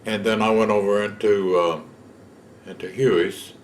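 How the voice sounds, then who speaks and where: A man's voice: fairly low pitch, steady tone, measured pace, roomy sound, a little hiss or hum. A man, telling his own story in a plain-spoken, folksy way in an oral history interview. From Texas. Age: 70s. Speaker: veteran interviewee.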